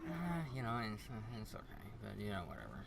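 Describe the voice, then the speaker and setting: A man's voice: on the low side, very animated, fast talker, gravelly, fairly bright tone, a little hiss or hum, exaggerated voice. A man voicing a small, skittish male fae who mumbles, trails off and swears a lot. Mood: glum.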